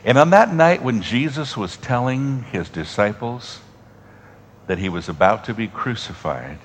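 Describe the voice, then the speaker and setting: A man preaching a sermon to a congregation, moving from strong, raised passages down to soft, almost whispered lines with long pauses. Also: medium pitch, expressive, a little hiss or hum. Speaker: pastor.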